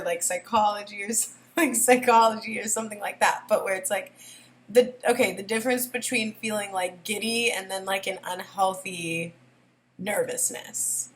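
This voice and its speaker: A young woman doing a casual tarot reading, rambling and giggly, often emotional. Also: medium pitch. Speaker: tarot reader.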